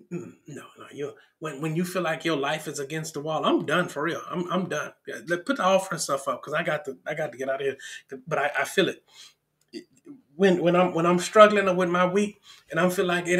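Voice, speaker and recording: A man's voice: fairly high pitch, brisk, a bit bright. A male pastor preaching an impassioned sermon at a church service. He calls out to the congregation, stammers through restarts and breaks into song.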